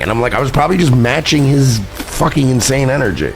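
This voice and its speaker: A man's voice: medium pitch, lively intonation, fast talker, creaky, few pauses, slight background noise. A man telling a rambling, profane story on his livestream, laughing at himself. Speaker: streamer recounting a party. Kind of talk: casual livestream chat.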